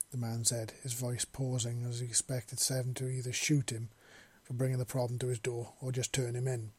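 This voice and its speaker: Brief: male storyteller, dark husky voice, dry close sound. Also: mid-range voice, a little fast, dry recording. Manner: plain steady reading with small slips. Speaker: narrator. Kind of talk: reading fan fiction aloud.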